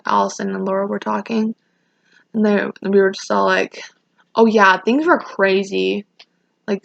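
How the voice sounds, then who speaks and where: Heard on a dry, dull recording, a teenage girl with a medium-pitched, gravelly voice vlogs a casual storytime rant. She rambles with many restarts and quotes people in raised voices as she acts out what they said.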